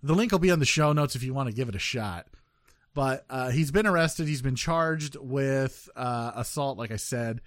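A man's voice: medium pitch, expressive, normal speed, fairly bright tone, dry recording, studio quality. A man hosting a casual news podcast, joking and rambling with many fillers and restarts. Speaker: podcast host.

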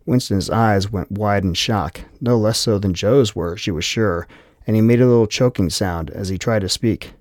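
A man narrating an audiobook in steady scripted narration. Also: on the low side, normal speed, no echo, clean studio sound.

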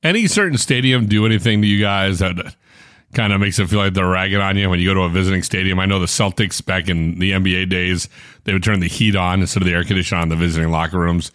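A man hosting a podcast, asking a guest quick, joking questions in casual talk. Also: low-pitched, a bit bright, dry recording, clean studio sound. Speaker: podcast host.

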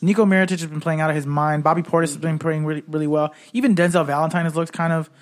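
A man's voice: on the high side, steady tone, rapid-fire. A man co-hosting a podcast, chatting casually and loosely about basketball, swearing and saying "like" and "dude" a lot. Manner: loose, profane, lots of "like" and "dude". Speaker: podcast co-host.

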